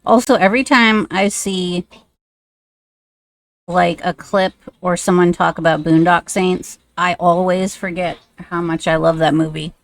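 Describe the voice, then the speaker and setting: A woman's voice: on the low side, steady tone, measured pace. A woman streamer chatting casually and rambling, with many fillers, while she draws live. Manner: sing-song baby talk to a pet.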